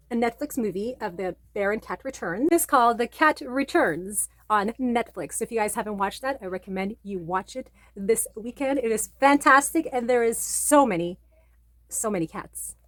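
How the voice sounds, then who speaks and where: A woman's voice: on the high side, moderate pace, no echo. A woman vlogger chatting casually about manga and retelling a story in a rambling way, full of fillers.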